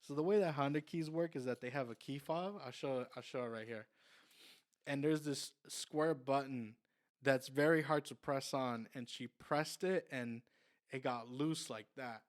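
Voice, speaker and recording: A man's voice: mid-range voice, unhurried. A young man, a car salesman on a podcast, telling a long story casually, with lots of fillers and restarts. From Mexican heritage.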